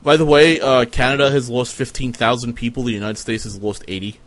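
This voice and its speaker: A man streaming a strategy game, giving casual, profane, sardonic commentary as he thinks out loud. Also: mid-range voice, steady tone, a little fast.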